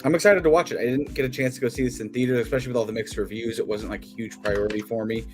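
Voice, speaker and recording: A man co-hosting a livestream, reading out film news in a relaxed, easygoing way. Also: medium pitch, rapid-fire, music in the background. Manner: easygoing, reads headlines. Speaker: co-host. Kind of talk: casual movie news chat.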